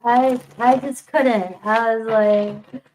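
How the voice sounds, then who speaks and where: A woman's voice: a little high, steady tone, takes it slowly, darkish tone, a little hiss or hum, rough recording. A woman giving a casual tarot reading to camera, chatty and laughing often. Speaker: tarot reader.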